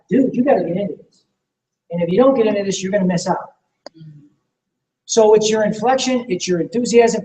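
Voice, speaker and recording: A man's voice: very high-pitched, darkish tone. A man leading a live sales training talk, enthusiastic and persuasive, asking the room questions. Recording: echoey room from far off, faint noise.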